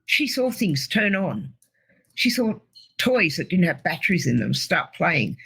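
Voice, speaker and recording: Middle-aged woman, gravelly and a touch husky, giving a halting, earnest testimony. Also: fairly low pitch, big pitch swings, a bit bright, rough recording. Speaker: interview guest. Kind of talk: personal testimony.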